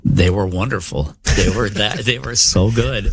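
A man's voice: lowish voice, moderate pace, breathy edge, faint music behind. A man in his fifties co-hosting a podcast, telling self-mocking stories and acting out what people said in casual comedic chat. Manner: storytelling, self-mocking, acts out quotes. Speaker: podcast co-host.

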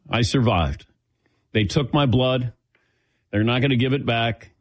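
A man's voice: mid-range voice, slow pace. Self-mocking male talk show host. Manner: self-mocking storyteller, acts out quotes. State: lightheaded after giving blood. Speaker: sports radio host. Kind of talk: casual talk show chat.

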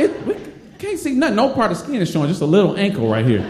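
A man from Detroit, a stand-up comic, telling a funny story on stage in an animated way and acting out other people's voices. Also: high-pitched, racing, roomy sound, background noise. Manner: animated, acts out voices, laughing.

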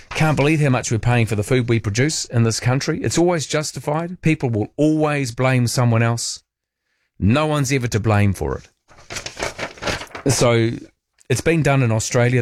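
Male NZ talk radio host, mid-pitched, dry close sound, chatty and musing, leans on tag questions. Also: dry recording. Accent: New Zealand. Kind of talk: casual talk radio monologue.

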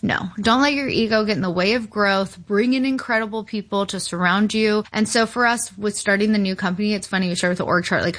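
Woman, thirties, founder, interview guest, upbeat, quick, chatty, mid pitch. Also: a bit bright. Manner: upbeat, fast, filler-heavy talk. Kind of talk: interview answers.

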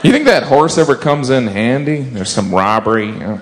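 A man's voice: fairly low pitch, quick pace, hardly any pauses. A man doing observational stand-up, playful and wry, often slipping into goofy voices. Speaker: stand-up comedian. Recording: live show with crowd and noise.

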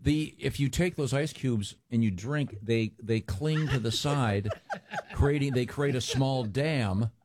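A man's voice: medium pitch, takes it slowly, darkish tone. A man co-hosting a casual talk show, rambling and stammering through restarts. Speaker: show co-host. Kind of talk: casual banter.

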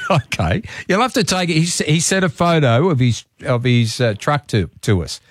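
A man with an Australian accent hosting morning radio, chatting with callers and reading ads in a relaxed, friendly way. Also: fairly high pitch, moderate pace, no room sound. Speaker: radio breakfast host. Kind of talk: casual radio chat and live ad reads.

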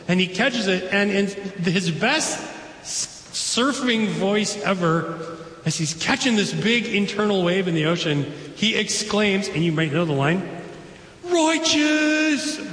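A man's voice: high voice, lively intonation, normal speed, fairly bright tone. A man preaching a sermon as pastor, in a casual, enthusiastic way with chatty asides. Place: church sanctuary. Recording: echoey church hall.

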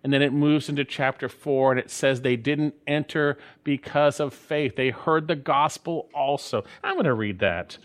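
A man preaching a sermon as pastor, emphatic, rising on key points and dropping low to read scripture. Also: moderate pace, few pauses.

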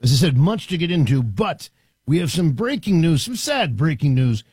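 A man hosting a talk radio show from a studio, delivering an animated, emphatic monologue with frequent restarts. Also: on the high side, normal speed, breathy edge, no echo.

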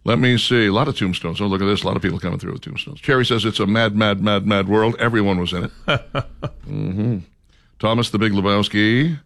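A man hosting a talk radio show, reading listener picks in a relaxed, drawling way with lots of ums and uhs. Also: fairly low pitch, fairly quick, creaky. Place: radio studio.

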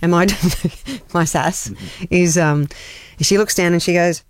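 A woman's voice: on the low side, slow pace, smooth, dry recording. A woman in her thirties, co-hosting breakfast radio and telling a funny family story with lots of laughter and restarts. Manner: animated storyteller, laughs often, many restarts. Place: radio studio.

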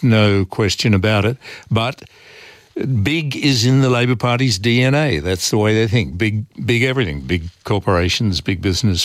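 A man's voice: lowish voice, no room sound, clean studio sound. A man with an Australian accent hosting talkback radio, reading listener messages and giving his opinions. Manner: relaxed and opinionated, reads listener texts. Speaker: radio talk host.

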